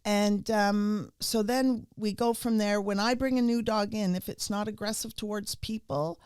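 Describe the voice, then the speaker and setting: A woman's voice: medium pitch, measured pace, smooth, dry recording, clean studio sound. A middle-aged woman telling stories in a casual podcast conversation about rescue dogs. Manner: storytelling, warm and animated with laughs. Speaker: rescue dog trainer, guest.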